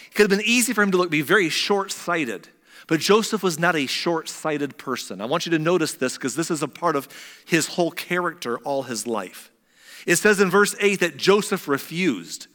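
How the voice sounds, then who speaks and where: A pastor preaches a sermon in a conversational, joking style, tossing asides to a congregation that laughs along. His voice is on the high side and a bit bright, animated, at normal speed, with the reverberant sound of a hall.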